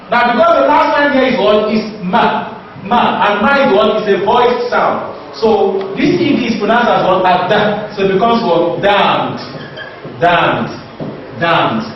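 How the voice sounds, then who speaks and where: A man's voice: high-pitched, a little slow, slight background noise. A male English teacher from Nigeria giving a pronunciation lesson, who keeps asking questions and answering them himself and repeats each word several times. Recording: echoey, distant and dull.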